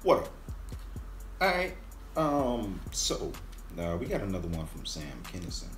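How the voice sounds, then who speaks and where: Slow-talking male co-host, roomy sound. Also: sits low, huge pitch swings, a little hiss or hum. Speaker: reaction video co-host. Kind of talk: casual chat.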